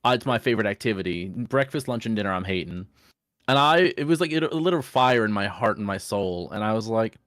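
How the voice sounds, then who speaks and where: A man's voice: medium pitch, lively intonation, fairly bright tone, no room sound, clean studio sound. A man running a tabletop game as game master, chatting playfully with his players before the session and drawing out his punchlines. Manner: playful, jokey, drawn-out emphasis. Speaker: dungeon master. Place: home setup for an online stream.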